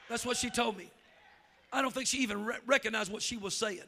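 A man's voice: high-pitched, brisk, creaky. A traveling preacher, a man, telling a folksy story in a sermon and acting out the voices in it. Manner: folksy, animated storytelling with acted quotes.

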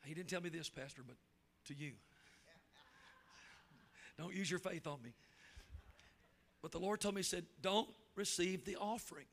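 A man's voice: high-pitched, moderate pace, long pauses. A traveling preacher, a man, telling a folksy story in a sermon and acting out the voices in it. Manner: folksy, animated storytelling with acted quotes.

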